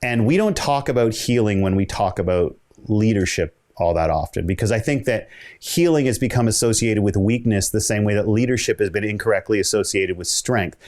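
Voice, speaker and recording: Speaking a little fast in a fairly low, darkish voice, this man gives a motivational keynote. He tells his story in a conversational way, building it up by acting out the quoted dialogue of its characters.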